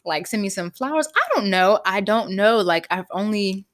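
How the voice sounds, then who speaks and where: A young woman hosting a podcast, telling a personal story in a candid, animated way, swearing freely. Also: medium pitch, normal speed. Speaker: podcast host. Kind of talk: casual storytelling.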